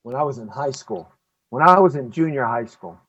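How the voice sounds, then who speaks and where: A man's voice: medium pitch, animated, fairly quick, a bit bright, slightly rough. A man from Southern California hosting a talk show, delivering a heated solo rant full of repeated rhetorical questions. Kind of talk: ranting solo monologue.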